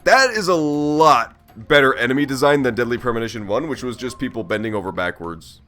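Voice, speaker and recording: A man's voice: mid-range voice, lively intonation, fairly quick, a bit bright. A man giving casual gameplay commentary on a stream, joking and swearing as he reacts aloud to the game. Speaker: let's play streamer.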